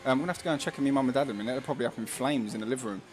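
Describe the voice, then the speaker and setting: A man's voice: mid-range voice, racing, a little mellow, faint music behind. A man hosting a live esports racing stream in a chatty, casual way, often laughing and reading chat messages aloud. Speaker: stream host.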